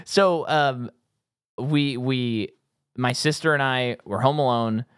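A man co-hosting a casual movie podcast, telling a long funny story and acting out movie lines in sudden high voices. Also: takes it slowly, clear, resonant tone, dry recording, studio quality. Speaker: podcast co-host.

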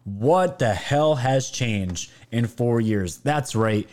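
Man, online political commentator, mid pitch, mocking, incredulous, direct address. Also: expressive, takes it slowly, a little mellow. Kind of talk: reacting to clips, direct address to viewers.

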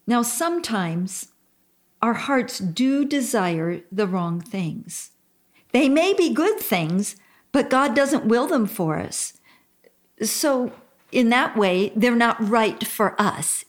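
An older woman, a radio show host, presents a Christian advice talk in an earnest, heartfelt manner. Her fairly high voice is animated yet slow and deliberate in pace.

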